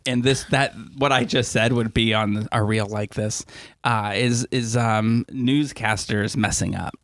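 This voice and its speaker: A man's voice: on the low side, steady tone, measured pace, a bit bright, no echo. A man co-hosting a podcast in casual chat, rambling with many fillers and laughing often. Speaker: podcast co-host.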